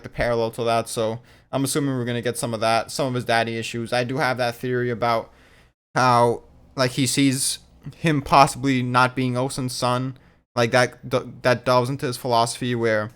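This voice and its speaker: Animated, smooth-voiced man riffing. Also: mid-range voice. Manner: animated, swears casually, many fillers. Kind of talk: casual fan discussion.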